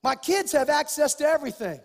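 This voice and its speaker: A middle-aged man preaching a sermon as pastor, acting out lively bits of dialogue as he goes. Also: very high-pitched, a little fast, vocal fry, big-room sound. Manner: preaching with acted-out dialogue and rising emphasis.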